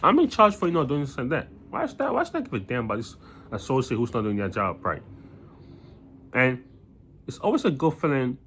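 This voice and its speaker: A man's voice: medium pitch, big pitch swings, a little fast, long pauses, a bit bright, slight background noise. A man talking casually to camera about his job, rambling and repeating himself with lots of filler, blunt and exasperated. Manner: rambling, repeats himself with many "you know"s. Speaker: vlogger. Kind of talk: casual monologue.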